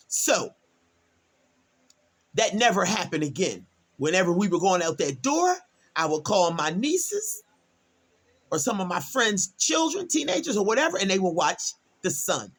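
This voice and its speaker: A middle-aged woman from Delaware, USA, speaks in a mid-range, slightly rough voice, a little slow with long pauses. As a storytime vlogger, she's animated and chatty, telling a personal story and acting out what people said with emphatic exclamations.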